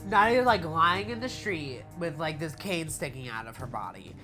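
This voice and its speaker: Young woman, lowish voice, rapid slangy TV recap full of "like" and cursing. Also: expressive, music in the background. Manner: rapid, slangy, swears freely, filler "like". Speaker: TV recap vlogger. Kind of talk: casual TV episode recap.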